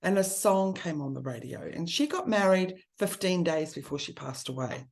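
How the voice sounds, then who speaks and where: A woman with a lowish, gravelly, animated voice talks about grief at a normal speed. She speaks earnestly and from the heart, picking up speed whenever she lists things.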